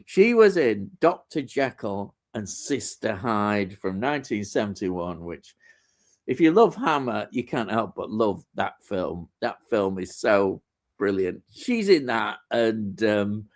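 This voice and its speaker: Rambling man with lively pitch. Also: takes it slowly. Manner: rambling, enthusiastic, with fillers and restarts. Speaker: live stream host. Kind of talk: casual film chat on a live stream.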